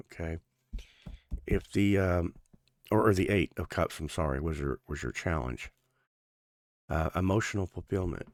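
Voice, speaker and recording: A man's voice: low voice, no echo, clean studio sound. A man giving a casual tarot reading in an earnest, rambling way, with many fillers and restarts, his speech a little thick from sore gums. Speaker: tarot reader.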